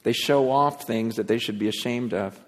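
A man preaching a sermon, moving between hushed, intense passages and raised, pleading ones. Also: mid-range voice, moderate pace, long reverb tail. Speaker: pastor.

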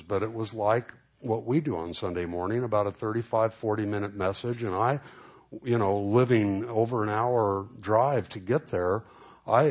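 A middle-aged man pastor preaching a sermon, telling a story and acting out the people in it. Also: mid-range voice. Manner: storytelling, animated when acting out dialogue.

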